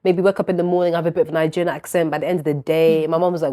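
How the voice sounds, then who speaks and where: A teenage girl hosts a casual talk show with a mixed London and Northern Irish accent. She speaks animatedly in a slightly low voice. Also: sing-song, fast, hardly any pauses, crowd noise. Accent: mix of London and Northern Irish. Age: teens. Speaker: talk show host, leads the questions. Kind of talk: casual chat.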